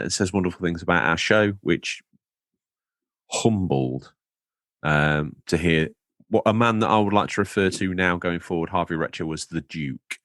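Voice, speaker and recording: A man's voice: low voice, a bit bright, dry recording, studio quality. Playful, rambling male podcast co-host. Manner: playful, rambling, jumps to absurd jokes. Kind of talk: casual chat.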